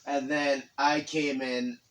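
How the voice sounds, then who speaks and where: A man's voice: medium pitch, little pitch movement, slow, a bit bright. A young man co-hosting a casual chat, jumping in to add to a shared story. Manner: chimes in, adds to a shared story. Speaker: podcast co-host.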